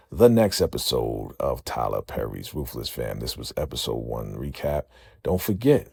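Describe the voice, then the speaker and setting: Deep gravelly man recapping a show. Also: darkish tone, no echo. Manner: slangy, acts out scenes in voices. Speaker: YouTube recap host. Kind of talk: casual TV episode recap.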